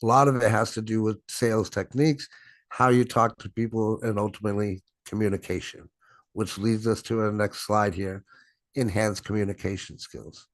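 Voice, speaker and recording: A man's voice: fairly low pitch, steady tone, normal speed, no echo. Emphatic middle-aged male sales trainer. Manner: emphatic, stretches and stresses words; frequent "right?" tag questions. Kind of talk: business training presentation.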